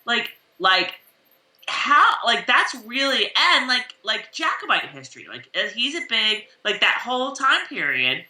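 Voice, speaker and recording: A woman co-hosting a casual recap chat, chatty and quick to laugh, with lots of fillers. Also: fairly high pitch, sing-song, pushed and bright, distant mic. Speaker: podcast co-host. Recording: roomy and off-mic.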